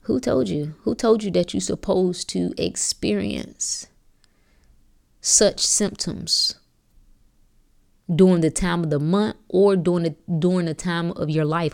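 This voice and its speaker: Woman, podcast host, preachy and blunt, swears freely, swings from low and hushed to loud and fervent. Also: a little slow, gravelly. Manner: preachy, blunt, profane, rising to fervent emphasis. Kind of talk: motivational monologue.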